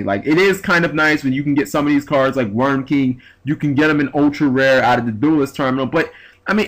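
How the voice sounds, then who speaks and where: A man's voice: fairly high pitch, fairly bright tone, rough recording. A young man in a casual vlog rant, exasperated and swearing, acting out what other people said. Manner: exasperated ranting, swearing, quoting others in voices. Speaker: card game vlogger. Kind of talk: ranting vlog.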